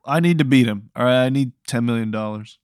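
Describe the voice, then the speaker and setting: A man's voice: mid-range voice, fairly quick, darkish tone, dry recording, studio quality. A man as a podcast guest in casual chat, wry, laughing often and swearing.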